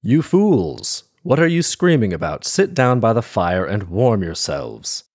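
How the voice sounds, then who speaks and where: A man voicing a fearless, violent castle-sitter from a fairy tale with a gruff, blunt manner. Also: lowish voice, sing-song, a little slow, a little mellow. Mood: scornful.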